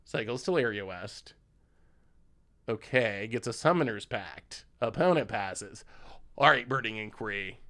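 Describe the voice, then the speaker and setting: A man streams a card game and narrates every move as it happens. His pitch rises and falls a lot, but his pace stays slow and deliberate. He thinks out loud and reacts to each play. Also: big pitch swings. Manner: reactive, thinks aloud, thanks subscribers. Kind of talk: live gameplay commentary.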